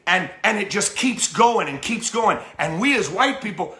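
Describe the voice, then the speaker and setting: A man's voice: high voice, sing-song, normal speed, hardly any pauses, sharp tone. A man preaching an impassioned sermon as a bishop, fervent, stumbling over repeated words and firing rhetorical questions. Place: church. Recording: echoey church sanctuary.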